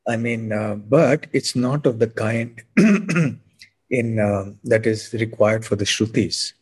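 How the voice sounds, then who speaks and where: A man speaking as a guest monk on a podcast, explaining in a measured way and often clearing his throat. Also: lowish voice, steady tone. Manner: measured, frequent throat clearing, sips to soothe throat.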